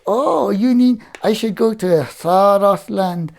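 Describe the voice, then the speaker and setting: Cheeky male puppet in shades, whiny drama queen, high and gravelly, put on by a man. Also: takes it slowly, darkish tone, exaggerated voice. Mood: eager. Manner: whiny, melodramatic. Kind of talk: children's puppet show.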